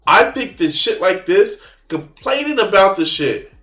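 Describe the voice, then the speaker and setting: A man's voice: sits high, very animated, measured pace, sharp tone, faint music behind. A man hosting a reaction video, ranting casually with mocking sarcasm and a lot of swearing. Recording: echoey room.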